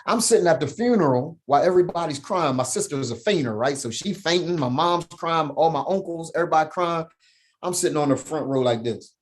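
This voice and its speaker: A man's voice: on the high side, expressive, brisk. A middle-aged man telling a personal story as a podcast guest, emphatic, often checking in with "right?" and "man".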